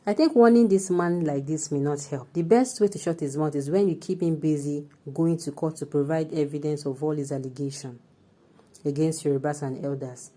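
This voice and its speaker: A woman's voice: low-pitched, normal speed, mellow. A woman with a Nigerian accent presenting scripted news commentary and reading out viewer comments.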